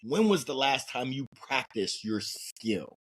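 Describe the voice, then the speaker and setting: Man, husky voice, pitch leaping around, motivational guest on a podcast, hype-man energy, punchy repeated phrases. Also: slow. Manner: energetic hype-man delivery, exhorting listeners directly; repeats phrases for emphasis, punchy chant-like calls. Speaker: guest, motivational speaker and sales leader. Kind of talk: podcast interview, motivational speaking.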